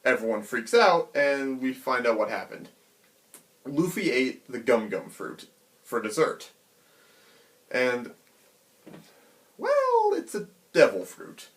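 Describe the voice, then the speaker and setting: Animated man retelling a manga chapter. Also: medium pitch, takes it slowly, long pauses. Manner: animated, chatty, many fillers. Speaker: manga reviewer. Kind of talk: casual retelling with acted-out quotes.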